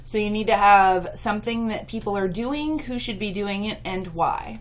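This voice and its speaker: A woman's voice: medium pitch, moderate pace. A woman writing instructor giving a recorded lecture and patiently explaining slides to her students. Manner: patient and explanatory, with some fillers.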